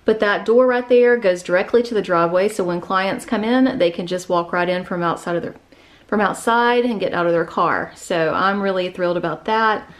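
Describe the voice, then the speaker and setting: Still touring her new house, the vlogger talks casually in a mid-range voice at normal speed, a little breathless and leaning on plenty of fillers.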